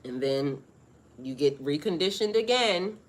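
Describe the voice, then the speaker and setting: Profane, animated spiritual vlogger woman. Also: deep voice, a little slow. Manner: profane, animated, laughs often. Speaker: spiritual reader. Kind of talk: casual spiritual monologue.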